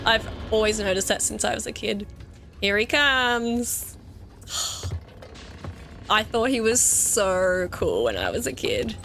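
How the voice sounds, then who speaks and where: A woman in her thirties with an Australian accent, giving gushing, excitable commentary on a game she loves. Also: medium pitch, takes it slowly, pauses often. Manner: excitable and gushing, laughs often. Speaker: let's play gamer. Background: faint game music.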